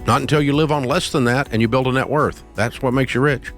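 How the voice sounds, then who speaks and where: A man's voice: medium pitch, fast talker, fairly bright tone, soft background music. Blunt folksy talk-show host man. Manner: blunt, scolding yet affectionate, folksy. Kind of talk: call-in advice show. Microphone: studio microphone.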